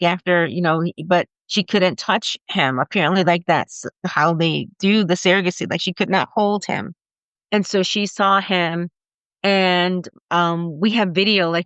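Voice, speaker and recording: A woman in her forties, a podcast guest, retelling a personal story in a halting, emotional way with many fillers. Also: mid-range voice, a bit bright, clear, resonant tone, no room sound. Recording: slightly muffled dry recording.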